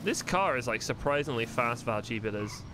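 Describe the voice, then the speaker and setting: A man talking casually to his stream audience while he plays, thinking aloud and laughing at his own mistakes. His voice has a mid-range pitch, with a light bed of noise underneath. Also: expressive, fairly quick. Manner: chatty, self-deprecating, thinking aloud. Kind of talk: casual commentary while playing.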